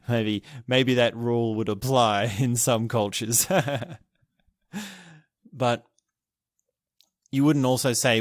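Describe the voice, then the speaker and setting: A man hosting a podcast alone, musing and thinking aloud, restarting his sentences and chuckling softly as he reflects. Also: medium pitch, slow pace, pauses often, no echo, studio quality. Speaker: podcast host. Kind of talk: reflective solo podcast talk.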